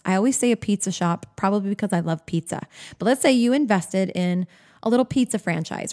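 A woman in her forties giving an enthusiastic, animated motivational talk on business, speaking straight to the listener. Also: a little high. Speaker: business coach.

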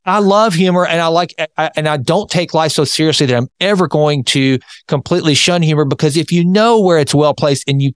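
A man hosting an interview in a casual, chatty way, telling anecdotes and talking in quick bursts. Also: on the high side, smooth, dry recording, studio quality. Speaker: interview host.

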